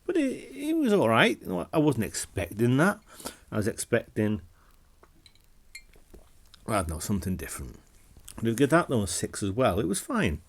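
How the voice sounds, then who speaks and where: A man talking casually to camera about films he watched, relaxed and rambling, often restarting his sentences. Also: medium pitch, normal speed, long pauses. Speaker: film reviewer. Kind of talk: casual film review vlog.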